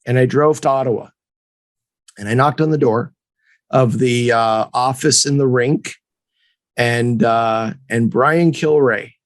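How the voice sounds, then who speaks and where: A man in his fifties from Montreal, co-hosting a podcast and telling a casual story in an animated way, acting out the people in it. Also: mid-range voice, dry recording. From Montreal, Canada. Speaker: podcast co-host and hockey agent.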